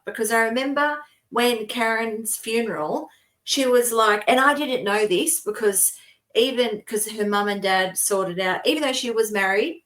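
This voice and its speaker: A woman's voice: fairly high pitch, pushed and bright. A middle-aged Australian woman co-hosting a casual podcast, telling personal stories in a rambling way with frequent laughs. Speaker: co-host.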